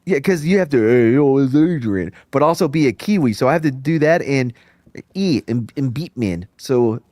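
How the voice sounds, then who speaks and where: Brief: a male podcast host, joking and animated, dry close sound. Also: mid-range voice, normal speed, dry recording. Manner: joking, reads out viewer tips. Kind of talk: casual chat.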